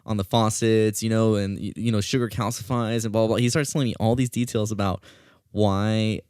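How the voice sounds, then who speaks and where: Host man with a smooth, dry voice. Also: fairly low pitch, fairly quick, no room sound. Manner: animated storyteller, swears often. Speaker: podcast host. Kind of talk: casual storytelling chat.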